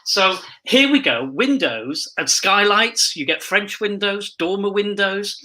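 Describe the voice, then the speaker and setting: Bright, lively chatty older-style storyteller man. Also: sits high, a little slow, low-quality recording. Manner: chatty, rambling storyteller who admits he talks too much. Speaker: pantomime dame guest. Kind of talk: casual anecdote-telling chat.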